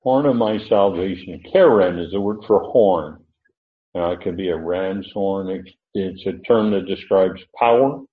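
A man teaching through a Bible passage verse by verse, thinking aloud with many pauses and restarts. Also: sits low. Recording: echoey room on a tinny, phone-like line.

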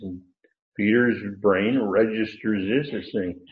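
A man's voice: on the low side, lively intonation, slow pace. A man teaching a Bible passage verse by verse, explaining the Greek words with emphasis and correcting himself as he goes. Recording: tinny phone-like sound in an echoey room.

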